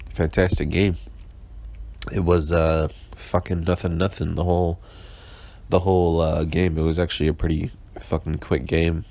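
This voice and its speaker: Hosting his casual podcast solo, a young man sounds hungover and sarcastic as he rambles, curses nonstop, and keeps restarting with plenty of fillers. His voice is low-pitched, creaky and a little mellow.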